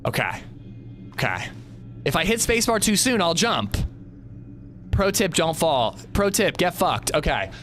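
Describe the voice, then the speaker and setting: A man's voice: fairly high pitch, very animated, measured pace, pauses often, over music. A man streaming a game live, nervously talking himself through a tense climb. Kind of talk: live gameplay commentary.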